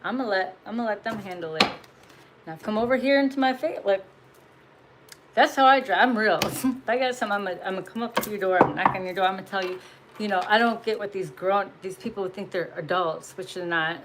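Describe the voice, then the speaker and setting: A woman at a mid pitch talks straight to her viewers as a tarot reader. Her delivery is blunt and peppered with swearing, broken up by frequent laughs and punchy emphasis. Faint ambient noise sits underneath. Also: brisk. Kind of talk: casual spiritual message monologue.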